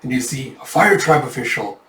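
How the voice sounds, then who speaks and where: A man giving a casual, animated readthrough of a comic, retelling each panel. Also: medium pitch, brisk, slight background noise. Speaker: manga reader. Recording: echoey room, mic at a distance.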